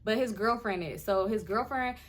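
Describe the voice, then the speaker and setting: A woman in her twenties telling a storytime in a chatty, animated way, full of "like" and acting out what people said. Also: mid-range voice, normal speed. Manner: chatty, animated, heavy on filler "like", acts out others' lines. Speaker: vlogger. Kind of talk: casual storytime.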